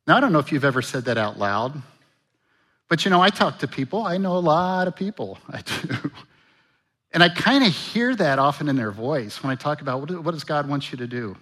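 A man's voice: on the high side, very animated, moderate pace, sharp tone. A man preaching a sermon in an earnest, conversational way, often restarting his phrases. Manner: conversational, earnest, self-correcting.

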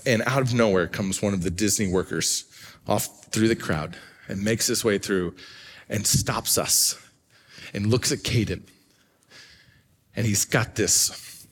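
A middle-aged man preaching a sermon as a pastor, telling a personal story with animated swings from hushed to excited. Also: fairly low pitch. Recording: long reverb of a large hall.

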